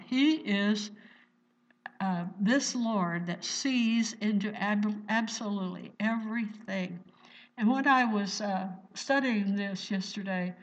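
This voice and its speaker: A woman's voice: medium pitch, recorded from a distance. A woman pastor teaching a Bible sermon, fervently exclaiming praise and putting rhetorical questions to her listeners. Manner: fervent, exclaims "Praise the Lord" and "Hallelujah" often. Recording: dull lo-fi recording.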